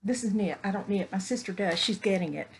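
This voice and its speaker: In the evening, indoors at home, this Texan vlogger opens craft packages and raves over each discovery in a casual chat. She talks briskly at a medium pitch, and there's slight background noise.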